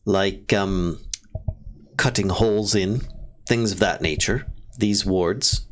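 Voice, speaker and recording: A man's voice: low-pitched, slow pace. A man voicing a dwarf woman who is a businesslike guard selling protective wards, in a tabletop game. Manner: businesslike, folksy talk. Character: dwarf woman, brisk guard and ward-seller.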